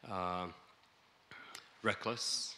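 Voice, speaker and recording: A man speaking as a panelist at a conference, in a measured way with frequent restarts. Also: low voice, steady tone, pushed and bright, a little hiss or hum. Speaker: panelist, EU official. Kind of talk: panel talk. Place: conference hall.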